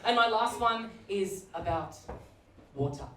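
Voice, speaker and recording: Comic reciting mock-serious verse. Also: male voice, sits high, unhurried, fairly bright tone, recorded from a distance. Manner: mock-solemn poetry recital. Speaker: stand-up comedian. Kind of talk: stand-up comedy. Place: stage of a comedy venue. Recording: echoey live venue, audience noise.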